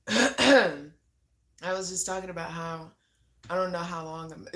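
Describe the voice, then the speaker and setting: A woman's voice: on the low side, drawn-out words, long pauses, a bit bright, roomy sound. A young woman chatting casually on a live stream, laughing often and swearing freely as she talks to viewers. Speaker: livestreamer. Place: at home.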